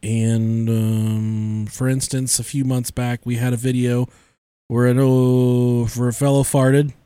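A man's voice: mid-range voice, flat delivery, slow pace, dark tone, smooth, dry recording. A young adult man hosting a podcast, joking crudely and swearing often, with frequent laughter. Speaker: podcast host. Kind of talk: casual podcast banter.

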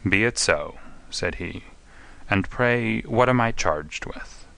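A man's voice: lowish voice, lively intonation, slow pace, vocal fry, a bit bright, dry recording, exaggerated voice. A man playing an anguished refined prisoner. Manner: pleading and anguished. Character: desperate, refined gentleman prisoner, male.

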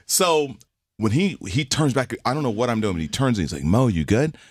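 Speaking briskly with no echo, a podcast co-host in his forties relates a funny anecdote during casual talk. He is animated and voices the people he quotes, shifting his pitch dramatically.

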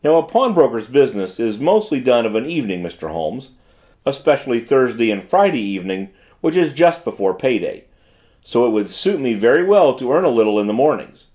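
A man's voice: medium pitch, sing-song, fairly quick, a little mellow. A man narrating an audiobook in the first person, in formal period prose. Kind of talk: scripted narration.

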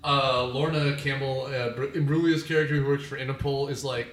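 A man's voice: mid-range voice, level tone, a little fast, a bit bright, far from the mic. Wry man, a bit off-mic. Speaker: podcast co-host. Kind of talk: casual movie discussion. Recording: roomy sound, off-mic, faint noise.

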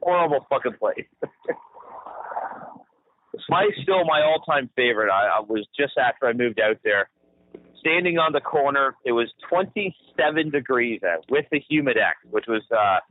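A man from Ontario co-hosts a podcast, chatting casually, swearing freely, and laughing often as he animatedly tells stories. His voice is medium-pitched at a moderate pace, and the audio sounds tinny, like a phone.

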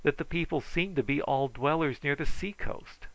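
A man's voice: fairly high pitch, moderate pace, no echo, voice pushed up, close to an everyday voice, low-quality recording. A man reading the part of an earnest young man searching for his lost father, eager and pleading, sometimes mournful.

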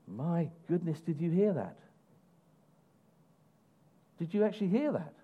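A man preaching a sermon in an animated way, putting questions to the congregation. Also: a little high, unhurried, breathy edge, phone-quality sound. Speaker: pastor.

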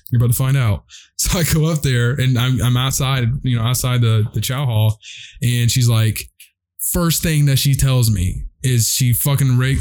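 A young man tells a loose, rambling story to his friends, full of fillers and swearing. His voice sits at an ordinary middle pitch and he talks casually and unhurried. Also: a little mellow. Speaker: guest telling a story.

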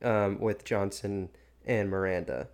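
A man chatting casually on a podcast, relaxed and thinking aloud. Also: fairly low pitch, unhurried. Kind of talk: casual chat.

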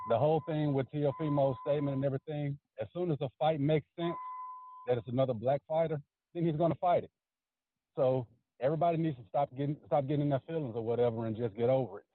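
A man's voice: medium pitch, a little hiss or hum. A man calling in to a show, speaking in a friendly, plainspoken way. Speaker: caller. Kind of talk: phone-in caller comment. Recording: phone line.

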